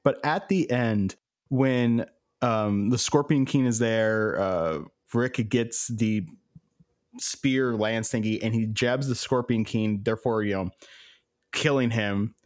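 Man, podcast co-host, casual chat, slow pace, laughs often, relaxed storyteller. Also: fairly low pitch. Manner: slow, laughs often while telling stories.

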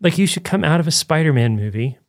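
Animated man rambling through a film review. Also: on the high side, fast talker, no room sound, studio quality. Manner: rambling, animated, frequent "like" fillers. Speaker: podcast co-host. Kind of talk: casual film review chat.

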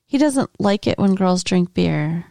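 A woman co-hosting a podcast in casual chat about a TV show, expressive, opinionated and quick to tease. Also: fairly low pitch, vocal fry, slight background noise. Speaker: podcast co-host.

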